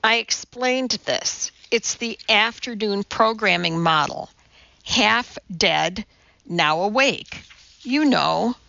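A woman narrating a novel in a measured, even reading. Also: mid-range voice, creaky, no echo, lo-fi sound. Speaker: audiobook narrator. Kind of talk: scripted narration.

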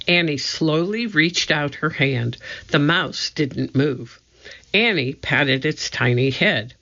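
A narrator reading a children's book aloud in an expressive storytelling manner. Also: medium pitch, slow, dull audio. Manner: expressive storytelling, voicing each character. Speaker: audiobook narrator.

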